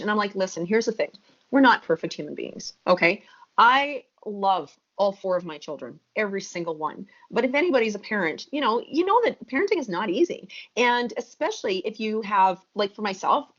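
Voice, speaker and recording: A woman's voice: mid-range voice, animated, fairly quick. A woman in her thirties, a podcast guest, telling her story with energy and emphasis. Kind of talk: podcast interview. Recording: muffled lo-fi audio.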